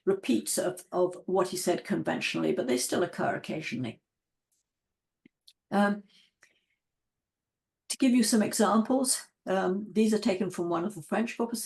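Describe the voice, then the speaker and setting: An older woman linguist giving an academic lecture over a video call, measured, with frequent ums and restarts. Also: fairly low pitch, vocal fry, a little mellow. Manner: measured, frequent ums and restarts, reads out child speech examples. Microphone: video call microphone.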